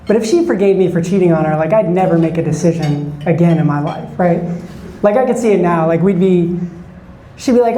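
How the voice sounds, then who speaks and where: A man's voice: high-pitched, brisk, mellow, reverberant, slight background noise, low-quality recording. A man in his forties doing a stand-up set, chatting and bantering with the audience from a club stage. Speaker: stand-up comedian. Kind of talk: stand-up set with crowd work.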